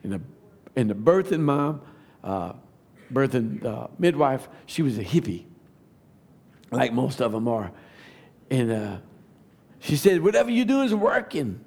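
A man, giving a testimony sermon that builds to fervent shouting. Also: mid-range voice, expressive, slow, vocal fry, pauses often. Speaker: preacher.

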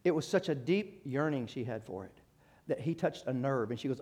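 A man preaching a sermon, retelling a story with acted quotes and frequent restarts, moving from loud rising exhortation to quiet conversational asides. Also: mid-range voice, animated, fairly quick, husky.

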